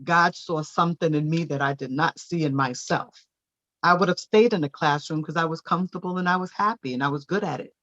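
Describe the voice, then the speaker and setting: A woman, a daycare owner, telling her personal testimony in a church interview with animated storytelling. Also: sits low, brisk, dull audio. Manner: animated storytelling, acting out quoted voices.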